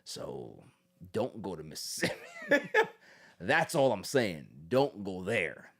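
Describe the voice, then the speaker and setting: A male podcast host in casual ranting commentary, loud and mocking, slipping into quick impressions. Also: on the low side, wildly swooping pitch.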